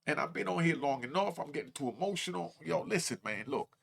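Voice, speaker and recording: Emotional gravelly man in his fifties. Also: fairly high pitch, expressive, fast talker. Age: 50s. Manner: raw, emotional, street slang. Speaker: host telling his story. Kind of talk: emotional personal storytelling.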